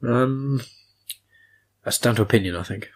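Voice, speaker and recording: A man's voice: mid-range voice, wildly swooping pitch, slow, husky. A young man hosting a podcast, chatting casually with blunt opinions and a habit of swearing. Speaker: podcast host. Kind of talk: casual chat.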